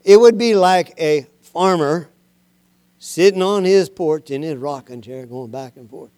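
A male preacher delivers his sermon in a smooth, resonant, fairly high voice. He is emphatic and homespun, calling on listeners to speak the words aloud. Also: a little slow, darkish tone, no echo, clean studio sound. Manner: plain-spoken, homespun.

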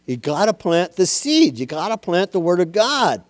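High-voiced emphatic male preacher. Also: very animated, normal speed, no room sound, clean studio sound. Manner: emphatic, urges listeners to say things aloud; plain-spoken, homespun. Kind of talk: sermon.

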